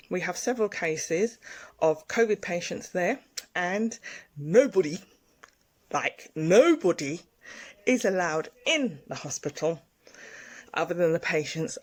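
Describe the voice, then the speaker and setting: A woman's voice: lowish voice, normal speed, lightly acted. A woman voicing a firm but kindly female paramedic while retelling a story. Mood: insistent.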